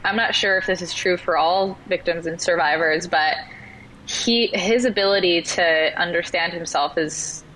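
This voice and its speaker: Chatty bright-voiced woman telling stories. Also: lowish voice, moderate pace, a little hiss or hum, rough recording. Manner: chatty storyteller, acts out quoted voices, says "like" often. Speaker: podcast guest. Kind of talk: casual interview chat.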